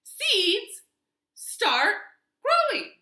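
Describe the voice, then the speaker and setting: A woman voicing an excitable, fretful male toad in a children's storybook reading, with high, fussing exclamations. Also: measured pace, heavily acted. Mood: shouting. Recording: roomy living room.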